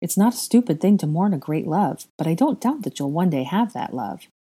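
A woman voicing an earnest young man who speaks gently but firmly, in a storybook reading. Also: fairly low pitch, expressive, fairly quick, breathy edge. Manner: gentle but firm, insistent.

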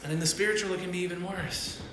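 A high-pitched man with a steady, slightly bright tone talks fast as he preaches a sermon as pastor. He tells stories with animation and acts out the voices of those involved. The sound is roomy, typical of a church hall.

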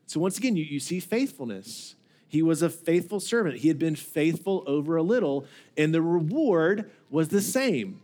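A male pastor preaching a casual, conversational sermon with a notably high voice. He stumbles over repeated words and keeps checking in with the congregation through questions. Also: sing-song, normal speed, warm tone. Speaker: lead pastor.

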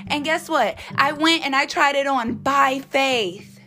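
A high-pitched woman hosts a faith podcast. She talks in an informal, slangy way and prays fervently, repeating her appeals in a steady cadence. Soft music plays faintly beneath her voice. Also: a little slow. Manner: fervent, repetitive prayer cadence. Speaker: podcast host. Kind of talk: faith podcast devotional and prayer.

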